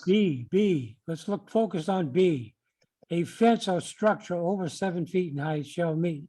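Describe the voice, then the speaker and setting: Blunt man with a dark voice. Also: high voice, animated, a little slow. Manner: blunt, insistent. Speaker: committee member. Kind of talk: municipal committee meeting discussion.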